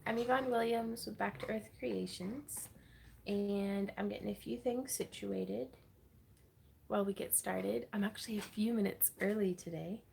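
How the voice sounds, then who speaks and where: A woman's voice: medium pitch, steady tone, normal speed, gravelly, a little mellow, a little hiss or hum. A woman hosting a casual crafting livestream, chatty and greeting viewers by name, laughing often. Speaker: livestream host.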